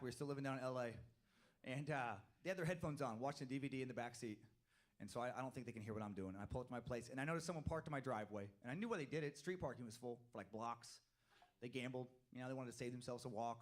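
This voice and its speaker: A man performing stand-up comedy, telling family stories in an animated way with laughing asides and quick act-outs. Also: mid-range voice.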